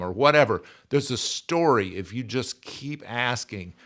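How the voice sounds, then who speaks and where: A man's voice: lowish voice, measured pace, hardly any pauses, fairly bright tone, smooth. A man in his sixties, speaking as a podcast guest in an earnest, emphatic way and repeating his key phrases. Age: 60s. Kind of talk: conversational interview.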